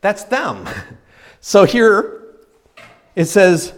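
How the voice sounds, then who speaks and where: A man preaching a sermon, telling his own conversion story with animated delivery and quick restarts. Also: high-pitched. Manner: animated storytelling, acting out his own past panic and excitement; frequent self-interruptions and quick restarts. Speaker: pastor. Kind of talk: sermon with personal testimony.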